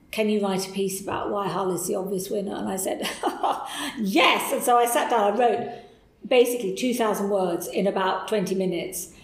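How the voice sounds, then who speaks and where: A middle-aged woman, a podcast guest, telling candid stories in an animated, enthusiastic way. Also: medium pitch. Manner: animated and enthusiastic, acts out quoted voices. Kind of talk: candid anecdotal storytelling. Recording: roomy echo.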